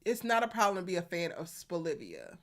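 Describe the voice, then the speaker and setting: A woman's voice: lowish voice, huge pitch swings, brisk. A young woman with a Baltimore accent hosting a casual live stream, chatting and reading viewer comments aloud with frequent laughs.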